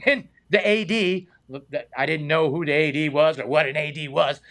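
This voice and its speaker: A middle-aged man, a stunt man telling animated anecdotes in a casual interview, acting out the voices of the people in them and laughing often. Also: a little high, normal speed. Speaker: stunt man and high diver, guest.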